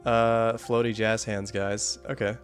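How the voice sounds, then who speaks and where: A man's voice: fairly low pitch, little pitch movement, measured pace, soft background music. A man giving casual, wry gameplay commentary, rambling and often laughing. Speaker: gaming YouTuber.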